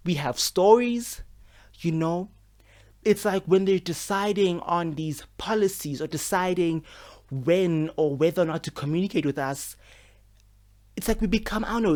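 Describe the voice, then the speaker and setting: Young man in his twenties, casual to-camera vlog at home, expressive and frustrated, lots of fillers. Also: on the high side. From South Africa. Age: 20s. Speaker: medical student vlogger. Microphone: camera with a mic.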